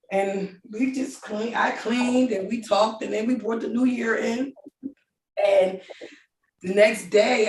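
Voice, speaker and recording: A middle-aged woman chats through a personal story, quick to laugh and to act out each line of dialogue. Her voice sits somewhat high, and she sounds a bit distant from the mic in an echoey room with a faint hiss underneath. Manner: animated, laughing, quoting others in voices. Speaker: guest telling her relationship story. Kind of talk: casual storytelling.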